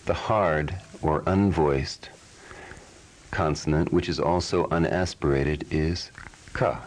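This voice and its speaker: Slow, measured man teaching a taped lesson. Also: very deep voice, low-quality recording. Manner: slow, measured, chants drill syllables. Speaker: language teacher. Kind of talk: recorded audio lesson.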